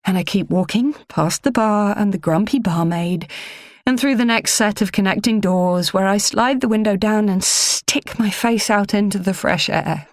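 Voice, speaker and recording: A woman reading a first-person audiobook in a measured, low-key delivery. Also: dry recording, clean studio sound. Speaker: audiobook narrator.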